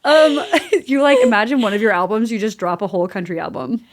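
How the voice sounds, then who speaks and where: A bubbly woman hosting a podcast, animated and quick to laugh as she throws questions at her guest. Her voice sits in a middle register, loose and conversational. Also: medium pitch. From Tennessee. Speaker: podcast host. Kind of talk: casual podcast interview.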